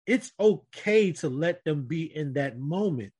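A man's voice: fairly high pitch, animated, measured pace, darkish tone, breathy edge. A man leading a casual group podcast chat, telling an earnest personal story and speaking directly to the others around him.

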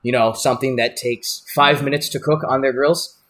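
A young man, a wrestler on a podcast, telling a road story in a profane, animated, rambling way with lots of restarts. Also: medium pitch, moderate pace. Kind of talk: casual storytelling.

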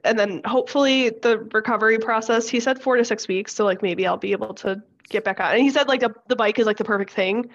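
A woman's voice: on the high side, fast talker, few pauses. A young woman co-hosting a podcast, chatting casually with many fillers. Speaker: podcast co-host. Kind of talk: casual chat. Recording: slightly dull lo-fi sound.

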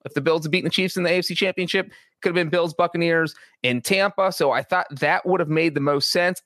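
A man's voice: a little high, a bit bright, no room sound. A man co-hosting a sports podcast, talking through his views in a chatty way with frequent restarts. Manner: chatty, many restarts and asides. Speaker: sports writer and podcast co-host. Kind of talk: casual podcast analysis.

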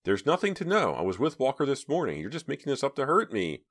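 Male narrator playing a panicky teenage girl, voice pushed higher, wide swings. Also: huge pitch swings, quick pace. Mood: distressed. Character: anxious frightened teenage girl.

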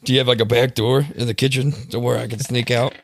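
A man's voice: medium pitch, flat delivery, gravelly, dry recording. Joking man at a tabletop game. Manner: laughing, joking, halting restarts. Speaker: player. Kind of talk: casual tabletop game chat.

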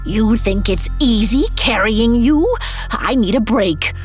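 A woman voicing a bossy, tired old female witch in a storybook reading, with drawn-out scolding commands. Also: a little high, expressive, soft background music. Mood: weary, bossy. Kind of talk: storybook narration with character voices.

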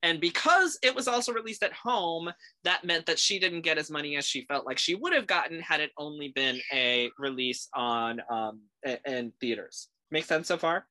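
A chatty podcast host with a bright, forward voice, talking loosely and laughing often between points. The sound is dry and close, with no room around it. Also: medium pitch, expressive, normal speed, few pauses, no room sound. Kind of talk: casual chat.

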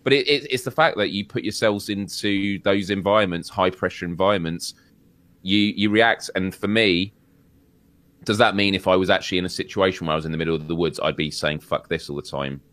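A British man with a very deep voice, talking through his thoughts in a reflective, rambling manner. The recording is dry and close, with no room sound. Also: fairly quick, a bit bright, no echo. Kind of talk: casual chat.

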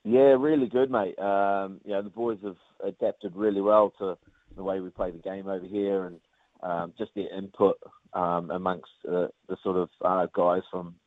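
A man with a New Zealand accent, a rugby player chatting casually in an interview, relaxed with lots of fillers. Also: low voice, normal speed, no room sound. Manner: relaxed, many fillers, says mate often. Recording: tinny phone line, dry.

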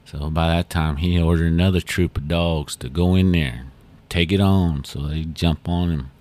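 A man hosting a podcast who tells a story in an unhurried, folksy way with fillers. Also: low voice, steady tone, a little mellow. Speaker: podcast host. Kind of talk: oral storytelling.

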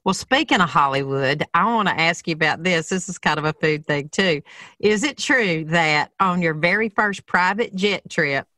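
Southern gal hosting, lowish voice, chatty, asks lots of questions. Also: female voice, lively intonation, moderate pace, bright, forceful tone, no room sound, clean studio sound. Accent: Southern American. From American South. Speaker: host. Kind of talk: casual chat.

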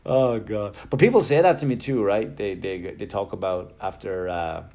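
A middle-aged man performing a stand-up comedy set, telling profane stories and acting out quotes in an animated way. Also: on the low side, normal speed. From Ireland.

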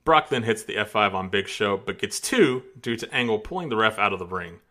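A man's voice: on the low side, animated, a little fast, bright, forceful tone. A man on a casual podcast reading a match recap play by play, often breaking into laughs.

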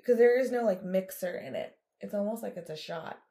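A woman co-hosting a casual podcast with her mother, chatty and quick to laugh while she sets up a true crime story. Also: medium pitch, dark tone. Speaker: podcast co-host; daughter of co-host, telling a true crime story. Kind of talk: casual chat.

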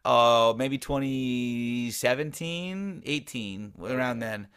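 A man's voice: mid-range voice, takes it slowly, a crowd in the background. A man co-hosting a casual sports podcast, blunt and profane, telling stories with animation. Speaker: podcast co-host.

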